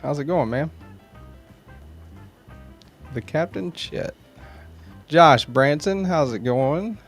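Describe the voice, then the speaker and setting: A man's voice: on the high side, animated, slow, pauses often, soft background music. A man hosting a casual livestream, rambling in a laid-back way and greeting viewers by name. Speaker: knife channel livestream host. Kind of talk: casual livestream chat reading viewer comments.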